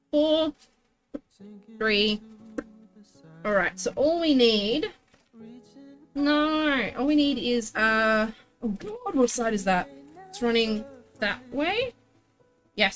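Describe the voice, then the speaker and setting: A woman's voice: on the high side, a bit bright. A woman chatting casually on a livestream while crafting, reading out chat messages and answering them in a chatty, exclamatory way. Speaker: streamer crafting a costume tail.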